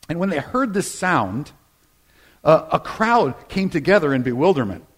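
A man's voice: a little high, sing-song, measured pace. A middle-aged man preaching a sermon as pastor, telling personal stories in a conversational, self-deprecating way and acting out the voices he quotes.

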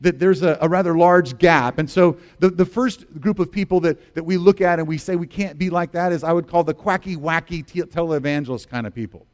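A man's voice: fairly high pitch, a little fast, few pauses. A man in his fifties, a pastor preaching a sermon in an earnest, conversational way, often restarting his sentences. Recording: long reverb of a large hall.

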